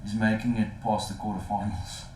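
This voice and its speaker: A man's voice: lowish voice, fairly quick, reverberant, a little hiss or hum, poor audio. A man co-hosting a casual sport podcast, full of "mate" and banter. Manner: lively, says "mate" a lot. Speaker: podcast co-host.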